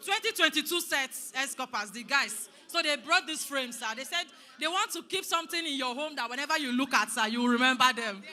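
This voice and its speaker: High, bright Nigerian woman giving thanks. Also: lively intonation, a little fast, hardly any pauses. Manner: polite, deferential, addresses him as sir. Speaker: colleague presenting gifts. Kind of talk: formal thank-you speech.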